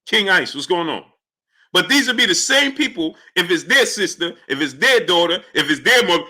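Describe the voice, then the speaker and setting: This man runs a live stream, his voice pitched high and his pace moderate. He shouts out chat names to greet viewers and launches into heated, animated rants.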